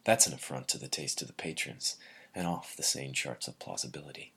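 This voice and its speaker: A man reading a first-person literary story in a measured way, often sinking to a breathy near-whisper. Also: very deep voice, pushed and bright. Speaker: narrator.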